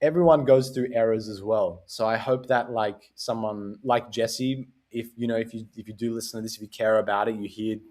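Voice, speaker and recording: A man's voice: on the low side, fairly even intonation, brisk, few pauses, a little mellow. A man hosting a podcast in casual chat, talking in loose, rambling runs full of fillers and the odd swear word. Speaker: podcast host.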